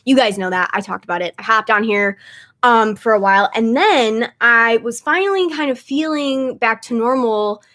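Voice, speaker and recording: A young woman who reads tarot hosts a casual livestream, tearful and on the verge of crying as she holds back tears. She's chatty, full of "like" and "um", speaking at a moderate pace in a slightly high, fairly bright voice.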